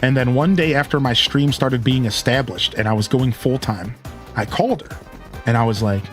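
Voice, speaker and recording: A man in his thirties chats casually on his live game stream. He tells candid, rambling stories with many restarts, in a middle-pitched voice. Quiet game music plays underneath him. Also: moderate pace. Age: 30s. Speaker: live streamer and show host. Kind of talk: casual chat while playing a game on stream.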